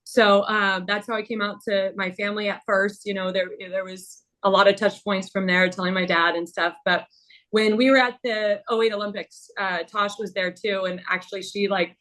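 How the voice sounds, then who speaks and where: A woman in her thirties sharing a personal story as a webinar panelist, candid and halting with many fillers. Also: medium pitch, steady tone, a bit bright.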